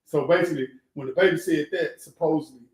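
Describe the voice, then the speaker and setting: Animated man talking in an echoey room. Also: a little high, fast. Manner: animated storytelling, repeats words, heavy cursing. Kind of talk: casual street talk.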